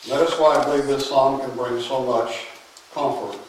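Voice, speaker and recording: Emphatic preacher in an echoey church. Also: male voice, medium pitch, steady tone, a little hiss or hum. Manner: emphatic, with long pauses and sudden drops to a quiet voice. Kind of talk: sermon. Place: church sanctuary. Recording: very echoey church, mic at a distance.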